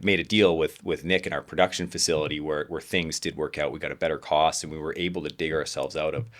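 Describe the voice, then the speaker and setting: Podcast co-host from Canada, man, very low voice, candid rambling delivery. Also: fairly even intonation, fast, a bit bright. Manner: candid, rambling storytelling with many fillers. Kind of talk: casual podcast chat.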